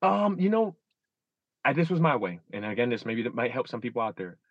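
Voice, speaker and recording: A man's voice: mid-range voice, sing-song, fairly quick, slightly rough, dry recording, muffled recording. A man in his thirties, a guest in an interview, speaking earnestly with many restarts and repeats. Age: 30s. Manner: earnest, repeats and restarts, acts out inner voices. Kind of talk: emotional interview.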